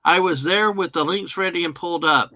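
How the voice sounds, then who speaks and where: Slightly high, bright man, relaxed joking host, car stream with faint background noise. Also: a little fast, dry recording, rough recording. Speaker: host of a live driving stream. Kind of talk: casual chat.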